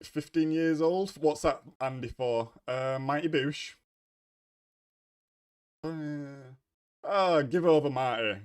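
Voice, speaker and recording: A man's voice: on the high side, takes it slowly, pauses often, clear, resonant tone. A young man chatting casually with his live-stream viewers, greeting them by name and laughing often. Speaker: racing game streamer. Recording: racing car game noise behind. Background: engine noise from the racing game.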